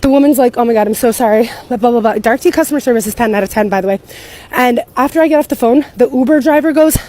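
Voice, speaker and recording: A young American woman rattles through a personal story at a brisk clip. Her voice sits a little high and she talks in a chatty, animated way, swearing without a second thought. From United States. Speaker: content creator living abroad. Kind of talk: casual storytelling to camera.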